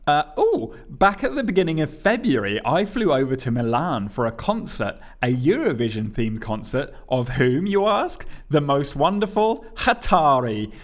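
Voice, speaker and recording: A man reads listener emails on a casual podcast and chats with his co-host, laughing often. His voice sits at an ordinary middle pitch and jumps sharply upward as he reacts. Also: sing-song, moderate pace, hardly any pauses.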